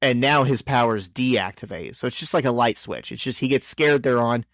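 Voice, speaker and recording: With a mid-range, slightly bright voice and no room sound, a man co-hosting a podcast recaps a comic. The casual chat is wry and joking, and he briefly voices the characters.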